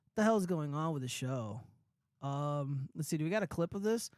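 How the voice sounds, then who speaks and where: High-voiced man ranting with dry sound. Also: expressive, brisk, darkish tone, dry recording. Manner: rambling and profane, many fillers. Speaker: show host. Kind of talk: casual commentary stream.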